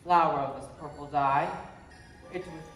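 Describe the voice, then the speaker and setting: Young actor doing a stately fairy king chanting spells, mid pitch, echoey hall from far back, music behind. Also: steady tone, moderate pace, a bit bright, natural voice. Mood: incanting. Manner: stately verse incantation. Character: commanding fairy king Oberon. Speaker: stage actor. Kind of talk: live school stage acting. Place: school auditorium stage. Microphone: far audience camera.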